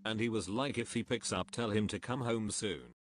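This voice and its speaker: A text-to-speech man's voice reading short stories aloud in a flat, even, synthetic manner. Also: lowish voice, moderate pace. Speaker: story narrator.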